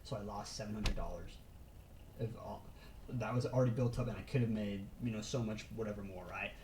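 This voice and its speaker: A young man talks straight to camera in a casual vlog, fast and animated, with slang and swearing. His voice is mellow and rather dark. A faint hiss of background noise sits under his voice. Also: fairly low pitch, poor audio. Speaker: trader.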